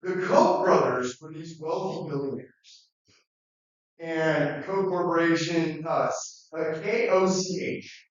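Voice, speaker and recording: Speaking slowly in a higher-pitched voice, a man delivers a rambling, conversational class lecture full of fillers and restarts. Captured in a lecture room, the sound is muffled, far off, and very reverberant.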